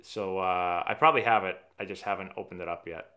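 This man from Massachusetts speaks fairly quickly in a low, bright, forceful voice. He hosts a casual live stream and answers viewers' questions. His storytelling rambles chattily, with sentences often restarted.

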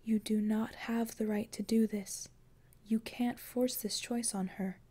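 Death as a stern, cold female ruler from beyond, voiced by a woman narrator with a raised, mellow tone and a measured, reproachful delivery. The storybook figure speaks with quiet authority. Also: a little high, steady tone, slightly rough.

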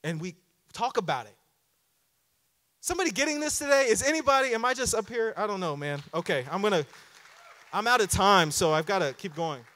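High-voiced man preaching in a church. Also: expressive, brisk, long pauses, sharp tone, some chatter behind. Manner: conversational, acts out quoted apologies, calls for amens. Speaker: pastor. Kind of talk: sermon. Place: church sanctuary. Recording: church hall reverb with faint music.

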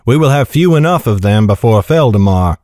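A man voicing a grave, wise older knight who speaks in a measured, soft way. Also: mid-range voice, no room sound, clean studio sound, lightly acted. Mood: grave, gentle. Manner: measured, calm, soft-spoken.

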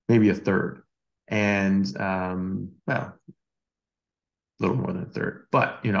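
A man's voice: deep voice, vocal fry. A man, a doctor co-hosting a podcast, telling a personal story in casual conversation, with many fillers and restarts. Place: Australia.

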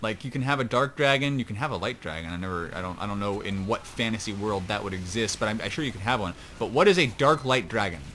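A man's voice: on the low side, fast talker, hardly any pauses, a bit bright, slight background noise. A man giving casual play-by-play commentary on an online match from his home computer, chatty and rambling, with self-mocking asides. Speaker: esports shoutcaster.

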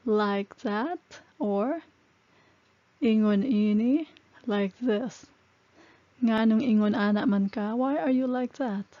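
Lady teacher going real slow, dry dull lo-fi sound, repeats stuff a lot. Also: fairly high pitch, no echo. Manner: explains step by step, repeats phrases. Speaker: language teacher. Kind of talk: slow, patient language lesson.

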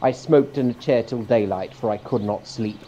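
Man, mellow voice, reading game text aloud, trips over words, faint background hiss. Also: medium pitch, normal speed, muffled recording. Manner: stumbles and restarts on words, light laughing. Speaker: let's play co-host reading the game text.

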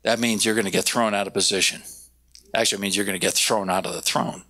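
A man preaching a sermon, animated, slowing down to stress key words and raising his voice when he quotes. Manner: animated, quoting with raised pitch, slowing for emphasis. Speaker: pastor.

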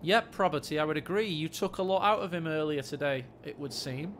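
A man casting a live strategy game with quick, jokey play-by-play and sudden excited rises. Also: a little high, slight background noise. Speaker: game caster. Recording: game battle sounds under the voice.

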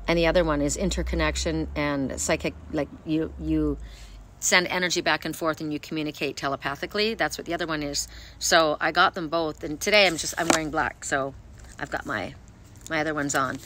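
A woman's voice: fairly even intonation, brisk, a bit bright, slight background noise. A woman reading oracle cards, chatting casually and rambling at home, sometimes losing her train of thought. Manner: coos in a high baby voice to her pet. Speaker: oracle card reader. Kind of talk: casual chat to camera.

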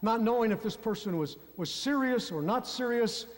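High-voiced male pastor in reverberant church. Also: expressive, normal speed. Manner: storytelling, addressing the congregation directly. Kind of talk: sermon. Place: church sanctuary.

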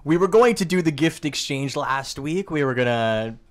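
Joking, higher-pitched podcast host man. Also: moderate pace. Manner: joking, animated, plugs the show. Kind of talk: casual chat.

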